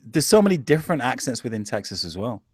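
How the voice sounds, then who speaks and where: Casting: hombre de Yorkshire, charla relajada, algo malhablado, voz seca. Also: male voice, mid-range voice, big pitch swings, quick pace, a little mellow, husky, no room sound, clean studio sound. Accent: Yorkshire English. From England. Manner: laid-back, swears and laughs often. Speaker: show host. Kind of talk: casual chat.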